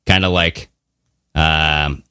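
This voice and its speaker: A man's voice: extremely low pitch, steady tone, extremely slow, pushed and bright, clean tone, no room sound, studio quality. A man co-hosting a podcast, talking casually and animatedly, swearing now and then and mocking others in funny voices. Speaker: podcast co-host. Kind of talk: casual conversational podcast talk.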